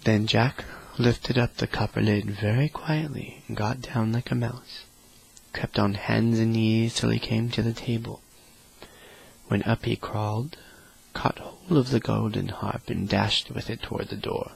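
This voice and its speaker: A man reads a bedtime fairy tale in a deliberately flat, drowsy monotone. His low voice is heavily gravelly and husky, with lots of vocal fry. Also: poor audio. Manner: slow, flat, sleepy delivery. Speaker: storyteller. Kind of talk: monotone bedtime story reading.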